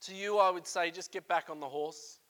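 An emotional pastor preaching a sermon in church, moving from hushed, confiding talk to loud, fervent calls. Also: male voice, high voice, fairly even intonation, moderate pace. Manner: emotional, swings from hushed to shouting.

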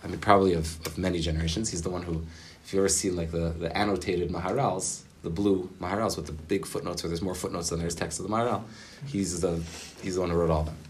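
Speaking quickly with few pauses in a low, steady voice, a rabbi delivers an off-the-cuff Torah talk to a group gathered in a room for his weekly class. His style is casual and meandering, full of fillers and Hebrew terms, with slight background noise.

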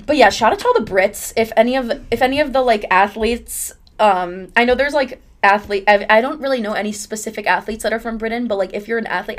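A young woman hosts her podcast in an easy, rambling way, chatting as if to a friend. She talks in a middle pitch, loose and chatty, with plenty of fillers along the way. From United States. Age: young adult. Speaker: podcast host. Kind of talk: casual chat.

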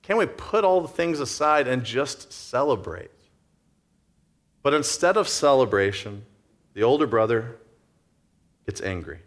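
A man's voice: medium pitch, sing-song, unhurried, long pauses. A man preaching a sermon in a conversational way, acting out the story's scenes. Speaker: pastor.

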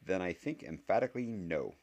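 A man's voice: sits low, lively intonation, fairly quick, darkish tone. A man voicing a strict elderly witch professor, speaking in a clipped, dry manner. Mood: soft.

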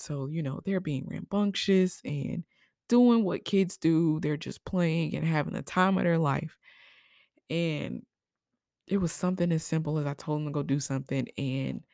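A young woman hosting a personal podcast, speaking emotionally and haltingly, with many fillers, and at times crying. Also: low-pitched, vocal fry, a little mellow, dry recording, studio quality. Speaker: podcast host. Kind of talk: personal reflective monologue.

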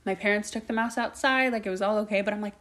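A woman's voice: medium pitch, fairly even intonation, fast talker, fairly bright tone. A young woman hosting her own podcast, rambling casually from topic to topic and swearing a lot. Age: young adult. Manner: chatty, swears a lot, jumps between topics. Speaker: podcast host.

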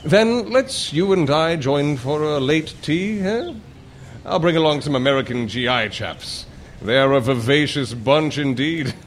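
An actor playing a jovial, chummy upper-class British army officer with a put-on British accent. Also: male voice, fairly high pitch, animated, unhurried, a little hiss or hum. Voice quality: chummy, plummy.

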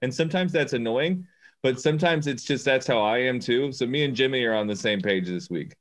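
A man's voice: medium pitch, brisk, a bit bright. A man co-hosting a podcast in a casual, profane, joking chat. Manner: profane, joking, does silly voices. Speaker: podcast co-host.

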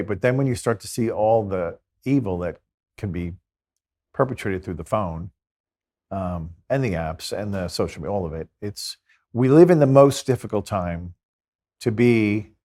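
A man's voice: on the low side, moderate pace, darkish tone. A man, a Catholic priest and exorcist, talking earnestly in an interview and telling stories with quoted dialogue. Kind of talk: conversational interview storytelling.

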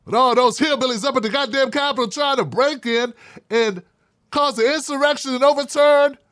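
A man's voice: extremely high pitch, normal speed, fairly bright tone, dry recording, studio quality. A man hosting his own online commentary show, talking in a sarcastic, mocking and profane way. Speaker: independent media commentator.

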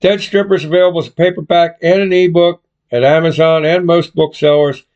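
A man reading a chapter of his novel aloud as narrator, in plain, unhurried storytelling, on a dull lo-fi recording. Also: on the high side, fairly even intonation, a little mellow. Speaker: audiobook narrator and author.

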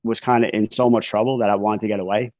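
A man's voice: on the low side, fairly even intonation, fast talker, a little mellow, no room sound. A man, a podcast guest, tells his story candidly in casual interview talk, with frequent fillers and restarts. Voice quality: conversational, frequent "you know" fillers and restarts. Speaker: podcast guest, author in long-term recovery.

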